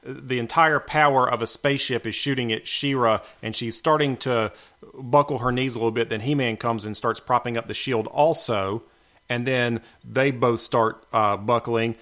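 A man's voice: medium pitch, moderate pace, fairly bright tone. A man co-hosting a casual podcast, recapping events and making easygoing jokes. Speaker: podcast co-host. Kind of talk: casual chat.

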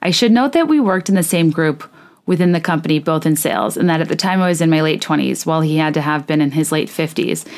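A woman's voice: sits low, quick pace, a little mellow. A woman hosting a casual podcast, reading listener stories aloud and reacting candidly and indignantly, with many "like" fillers.

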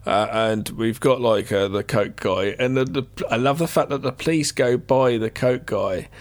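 A middle-aged man co-hosting a casual film podcast, animated and quick to swear. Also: mid-range voice. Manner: animated, swears freely, jumps into impressions of characters. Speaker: podcast co-host.

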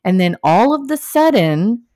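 Woman gossiping about a dating show, jumps way up high when she acts out quotes, super animated. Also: a little slow. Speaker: podcast co-host. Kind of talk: casual reality TV recap chat.

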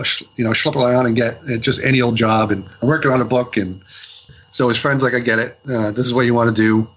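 A man's voice: medium pitch, fairly even intonation, a little fast, fairly bright tone, muffled recording. Rambling man recapping a story with fillers. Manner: rambling retelling full of fillers and quoted dialogue. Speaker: podcast co-host reviewing comics. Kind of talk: casual chat.

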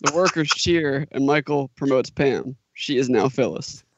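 Gravelly man narrating deadpan. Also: mid-range voice, measured pace, no echo, lo-fi sound. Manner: deadpan, matter-of-fact delivery. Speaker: comedy podcast co-host reading a script.

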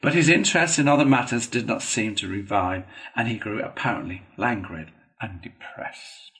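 A man with a lower-than-average voice reads a classic children's tale aloud. His narration is measured and even, with an unhurried storytelling pace. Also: low-quality recording. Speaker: reader.

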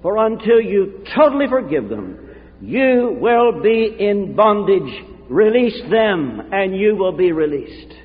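A preacher putting on a firm Romanian-accented old friend. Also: male voice, high voice, very animated, full character voice. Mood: firm, earnest. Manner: slow, emphatic, insistent. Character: older male friend, firm gentle counselor. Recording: tinny, echoey hall recording.

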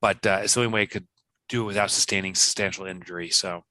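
Guy in his 50s, guest on a chat show, animated, acts out quotes, dry close sound. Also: sits low, fast, no echo. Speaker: guest, business author. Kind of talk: casual interview chat.

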